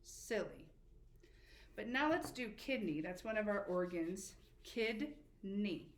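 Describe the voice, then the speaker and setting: A woman's voice: medium pitch, expressive, unhurried, creaky. Lady teacher walking kids through spelling, patient, spells out letters, echoey room with a bit of hiss. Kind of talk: spelling lesson to children. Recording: echoey room with faint background noise.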